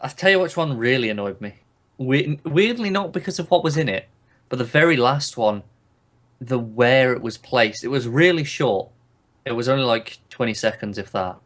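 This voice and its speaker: A man's voice: medium pitch, animated, normal speed, fairly bright tone. A man, co-hosting a casual TV review chat, blunt and sarcastic, swearing freely. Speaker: podcast co-host reviewing TV.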